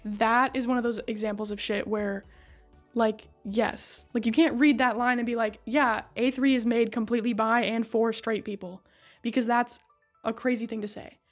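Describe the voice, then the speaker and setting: A woman with a slightly high voice talks through a game's story in a loose, chatty recap. She is sarcastic and swears freely. Faint music plays behind her. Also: fairly even intonation, normal speed. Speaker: video creator recapping a game story.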